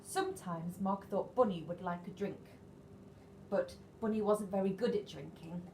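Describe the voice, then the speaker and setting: A woman, a nursery teacher reading a picture book to young children in an animated, sing-song way and asking them questions. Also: mid-range voice, moderate pace, slight background noise. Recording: echoey room, faint ambience.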